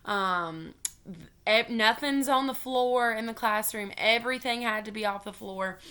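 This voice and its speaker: Bright-voiced woman reading a storybook. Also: on the high side, unhurried, clean tone. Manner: friendly, hesitant with ums. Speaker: teacher. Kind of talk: reading a storybook aloud to students.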